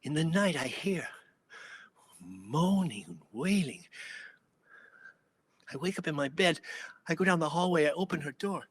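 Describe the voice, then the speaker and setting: Animated storyteller with Hawaiian Pidgin accent. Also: male voice, a little high, unhurried, pauses often, breathy edge. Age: older. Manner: animated, conversational, dramatic swings in loudness. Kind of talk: performed first-person storytelling.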